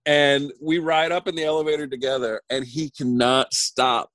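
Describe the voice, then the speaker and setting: A man guest telling a story with lots of laughter, animated and lively. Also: mid-range voice, a little slow, no room sound. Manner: laughing, lively anecdote teller. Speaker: podcast guest.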